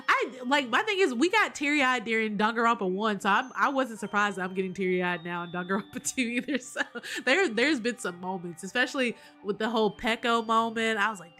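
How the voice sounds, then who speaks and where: A woman chatting casually while streaming a game, animated and quick to laugh and swear, greeting her viewers. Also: on the high side, soft background music. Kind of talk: casual live game commentary.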